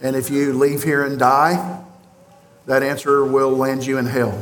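A pastor delivering an emphatic sermon, with rhetorical questions and long pauses. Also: male voice, mid-range voice, flat delivery, a little hiss or hum. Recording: roomy echo.

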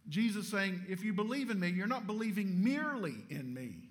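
A man preaching a sermon emphatically, asking rhetorical questions and dropping his voice low at the ends of phrases. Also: very animated, fairly quick.

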